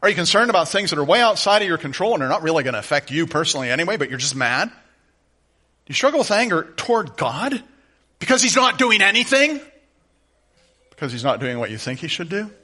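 Bright-voiced preaching man, questioning. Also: high voice, fairly quick, pauses often. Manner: conversational, animated, asks the listeners direct questions. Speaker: pastor. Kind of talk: sermon.

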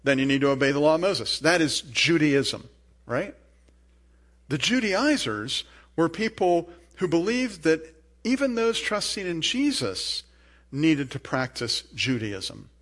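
A man preaching a sermon, earnest and emphatic, with rising bursts and soft asides. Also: fairly high pitch, very animated, unhurried. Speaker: pastor.

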